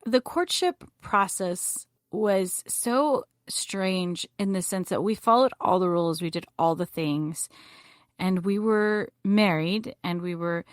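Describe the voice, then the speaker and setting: A middle-aged woman telling a personal story as a podcast guest, vivid and animated. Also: medium pitch, slow pace, no echo, clean studio sound.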